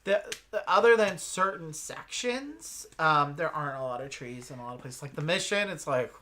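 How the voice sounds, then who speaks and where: A man's voice: fairly high pitch, animated, normal speed, sharp tone, a little hiss or hum. A man with a slight lisp co-hosting a casual chat, talking in a chatty, rambling, enthusiastic way. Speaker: co-host.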